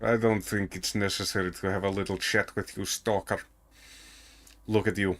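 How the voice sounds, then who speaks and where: A man's voice: lowish voice, little pitch movement, normal speed, a bit bright. A man putting on a very well-spoken British accent as a haughty soldier who talks down with clipped disdain. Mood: contemptuous. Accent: put-on posh British.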